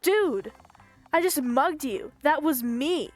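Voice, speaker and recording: A woman's voice: high voice, lively intonation, slow, soft background music. Woman doing a sleazy, smarmy male caller. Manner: smarmy, calls people pet names.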